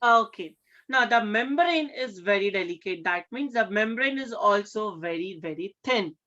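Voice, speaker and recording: Bright-voiced woman teaching a class. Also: medium pitch, lively intonation, normal speed, muffled recording. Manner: keeps checking with questions, repeats key words. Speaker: science teacher. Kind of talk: classroom lecture.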